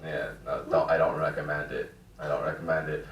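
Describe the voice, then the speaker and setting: A man's voice: rumbling low, flat delivery, a little fast. A man in his twenties doing a rambling, self-deprecating stand-up set in a small cafe room. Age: 20s. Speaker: stand-up comedian. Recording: roomy, distant mic.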